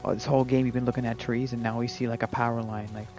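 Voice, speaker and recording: A man with a gravelly, creaky voice at a middling pitch, chatting loosely as he plays a game live. He rambles along with plenty of "like" and "you know". Game music plays steadily behind him. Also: level tone, very fast. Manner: laid-back and rambling, full of "like" and "you know". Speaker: gaming streamer. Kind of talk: casual live gameplay commentary.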